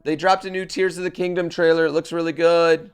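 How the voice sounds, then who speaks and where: A man's voice: a little high, flat delivery, brisk, smooth. A man streaming live, chatting casually and animatedly to his chat, swearing and going off on tangents.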